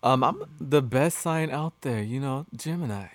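Relaxed man speaking plainly in a studio. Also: medium pitch, moderate pace, dry recording. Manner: relaxed, hesitant with fillers, blunt. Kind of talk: casual chat.

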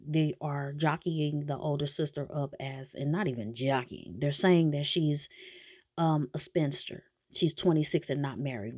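A woman's voice: deep voice, warm tone, dry recording, clean studio sound. A woman hosting a podcast, ranting bluntly and with exasperation in casual opinionated commentary. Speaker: podcast host reviewing a TV series.

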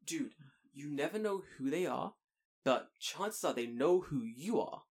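A young British man in casual podcast chat, telling lively stories with frequent laughter and casual swearing. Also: fairly high pitch, a little slow, husky. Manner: animated storytelling, laughs often, swears casually.

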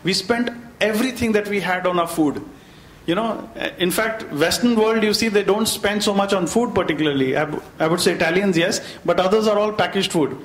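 A man with an Indian English accent shares stories as a chef on a panel, his voice sitting high for a man. He talks chattily and drops in Hindi phrases. The sound is echoey, with a faint hum beneath it. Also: brisk, a bit bright. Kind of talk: anecdotal storytelling.

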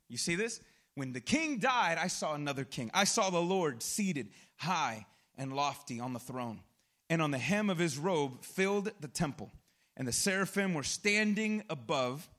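A young man preaching a sermon in a lively, conversational way, with casual slang and quick asides. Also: on the high side. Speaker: pastor.

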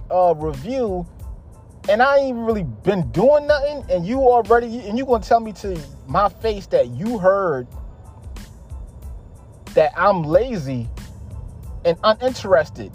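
A man's voice: high-pitched, a little mellow. A young man hosting a podcast, telling a story about his job in a blunt, exasperated way with lots of swearing. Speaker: podcast host. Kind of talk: casual storytelling monologue.

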